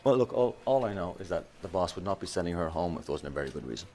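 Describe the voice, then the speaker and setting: An actor with an Irish accent playing a mocking police officer who turns defensive and insistent, in a TV crime drama. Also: male voice, deep voice, lively intonation, very fast, a little mellow. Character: sly, taunting male police officer. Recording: clear background noise.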